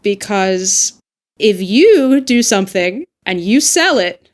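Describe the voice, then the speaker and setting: A woman who works as a dialect coach, talking through ideas aloud in a casual podcast discussion, emphatic and lively. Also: mid-range voice, slow.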